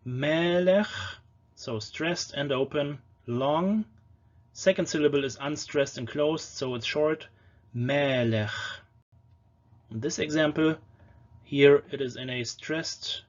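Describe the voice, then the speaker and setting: Man slowly sounding out old words. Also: fairly high pitch, muffled recording. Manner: explains patiently, slows to sound out words. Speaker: language lecturer. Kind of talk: educational lecture on pronunciation.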